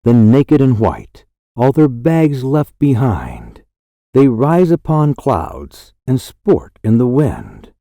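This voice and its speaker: A man recites poetry for an audiobook at an unhurried, deliberate pace. His voice is mellow and warm, and it rises and falls widely through each line. The recording is dry and close, with no room sound. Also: mid-range voice, sing-song, dry recording. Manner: slow, measured, lilting recitation. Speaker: audiobook narrator. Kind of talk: scripted poetry reading.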